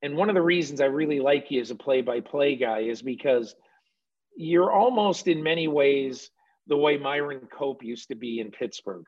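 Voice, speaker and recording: A man with a medium-pitched, slightly mellow voice hosts a conversational radio interview at normal speed. He speaks loosely and rambles, correcting himself along the way. The audio sounds dull.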